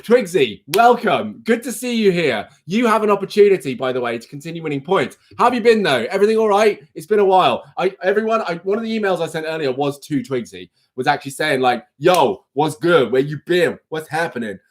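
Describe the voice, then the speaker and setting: A man's voice: high-pitched, very animated, quick pace, hardly any pauses. A young man hosting a casual quiz livestream on his phone, chatty and teasing as he reads out questions and multiple-choice options. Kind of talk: casual live-stream chat.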